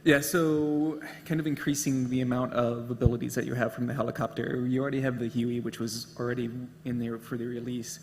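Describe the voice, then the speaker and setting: A man's voice: medium pitch, flat delivery, a little fast, hardly any pauses, darkish tone. A man, a game developer, explaining features on a panel, a bit unsure of details. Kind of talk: casual panel presentation. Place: convention panel hall. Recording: echoey hall with faint background noise.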